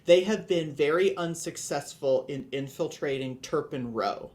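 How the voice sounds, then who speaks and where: A man narrates a tabletop role-playing session as the game master. His voice sits a bit high, and he tells the scene with animated, laughing energy. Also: unhurried.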